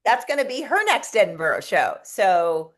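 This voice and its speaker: A middle-aged woman from the United States, telling animated, profane stories in a casual interview, with lots of restarts. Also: medium pitch, moderate pace. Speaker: interview guest, comedic performer.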